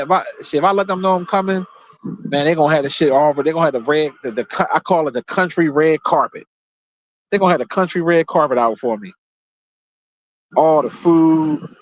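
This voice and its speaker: A man's voice: a little high, brisk. A man hosting his own show, telling loose, rambling stories in a casual, profane, laid-back way. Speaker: show host. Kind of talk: casual storytelling monologue.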